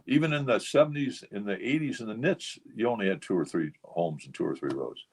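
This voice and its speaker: Deep husky older man rambling. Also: lively intonation, fairly quick, a little mellow. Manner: rambling storyteller, many fillers. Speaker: guest, memorabilia collector. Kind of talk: casual radio chat.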